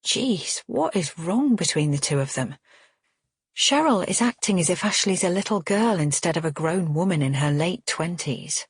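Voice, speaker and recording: A woman narrates an audiobook in first person, steady and measured. Her voice is lowish and husky, recorded close and dry. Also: dry recording.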